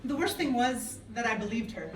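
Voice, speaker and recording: A woman's voice: on the high side, normal speed. A woman in her thirties from Canada, telling a comic story on stage and talking to the audience. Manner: playful, lively, talks to the audience. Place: event hall before a live audience. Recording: echoey hall, mic from a distance, noisy.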